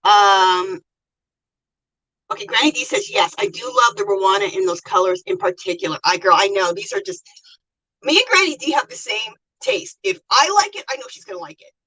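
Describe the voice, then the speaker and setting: Chatty, husky-voiced American woman host. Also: medium pitch, animated, normal speed, pushed and bright, distant mic, rough recording. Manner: chatty, reads viewer comments aloud and laughs often. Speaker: livestream host. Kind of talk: casual livestream chat.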